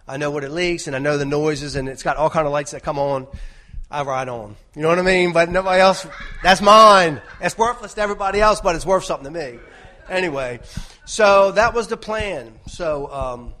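A man's voice: on the high side, bright, forceful tone. Rambling man telling a story in a sermon. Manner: rambling, conversational, many restarts and "right?" tags. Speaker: lay preacher.

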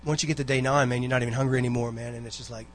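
A man's voice: medium pitch, level tone, racing, a little hiss or hum. A man giving a rambling, folksy exhortation to a church congregation, full of asides and personal stories. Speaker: church member giving a talk.

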